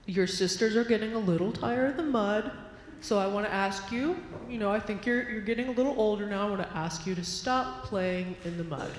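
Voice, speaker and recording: A woman voicing a patient preacher father who speaks calmly and gently but firmly, in an echoey hall. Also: medium pitch, a little fast, a little hiss or hum, natural voice. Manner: calm, gently firm. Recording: echoey hall with long reverb.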